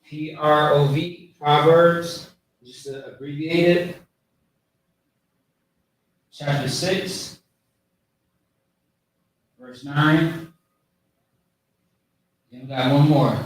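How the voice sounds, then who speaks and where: Man teaching scripture, slow and unhurried, checks in often; recorded far from the mic in a very reverberant room. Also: fairly high pitch, fairly even intonation. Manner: repeats points, checks in with "okay?". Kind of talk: casual scripture lesson.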